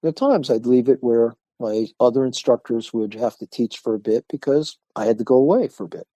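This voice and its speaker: An older man, a martial arts instructor, telling lively stories in a podcast interview and acting out the people he quotes. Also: medium pitch, a little fast, no echo. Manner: animated storyteller acting out quoted voices.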